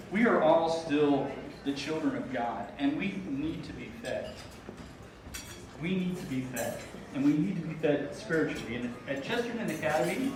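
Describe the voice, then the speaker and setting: A man speaks at a dinner gala, a bit higher-pitched than most men, with an easy, joking delivery full of ums. He sounds far from the mic, and a very echoey banquet hall rings around him. Cutlery and dishes clatter behind him. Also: noisy background. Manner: casual, with frequent ums and self-deprecating jokes. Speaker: school founding board member. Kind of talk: informal gala speech. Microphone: podium microphone heard from a distance.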